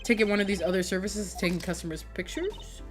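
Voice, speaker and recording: A woman's voice: medium pitch, quick pace, over music, lightly acted. A woman voicing a jumpy young male defense lawyer in a game, stammering and startled.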